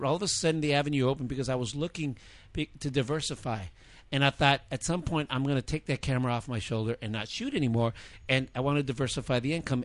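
A man's voice: medium pitch, no room sound. A middle-aged man telling a rambling story in a casual interview chat, often interrupting himself. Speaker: freelance TV cameraman, radio show co-host.

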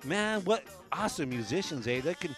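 A man co-hosting a radio show, joking playfully and tagging his lines with "eh?" as he reads out shout-outs. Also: a little high, lively intonation, brisk, soft background music.

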